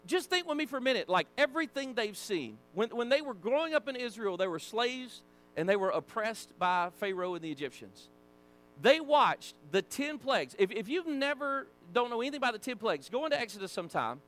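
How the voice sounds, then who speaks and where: A Southern American man leads a Sunday school Bible lesson in a casual, folksy way. His voice sits high and swings widely as he acts out the people in the story. He drops in chatty asides to the class. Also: a bit bright.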